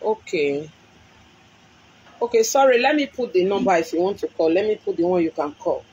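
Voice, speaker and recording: A woman's voice: medium pitch, animated, moderate pace, darkish tone, breathy edge, muffled recording. A woman with a Nigerian accent, a prophetess speaking on a live stream in an impassioned way, repeating lines for emphasis. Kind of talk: emotional live-stream address.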